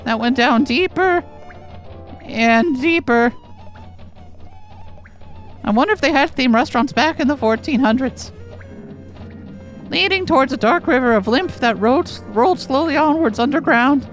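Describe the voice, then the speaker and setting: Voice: sits high, lively intonation, normal speed, soft background music, poor audio. A game player commenting and reading game text aloud in a playful, joking way. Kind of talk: let's play commentary and reading.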